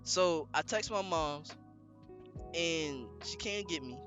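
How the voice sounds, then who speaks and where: A young man casually telling a story on a podcast, slangy and animated, with lots of fillers. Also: fairly high pitch, slow pace, over music. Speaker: podcast co-host.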